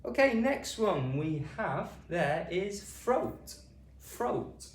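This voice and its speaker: British man, phonics teacher, slow and sing-song, roomy echo, off-mic. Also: distant mic, slight background noise. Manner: slow, drawn-out sounding-out of words with lively pitch. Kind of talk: slow, clear teaching to camera.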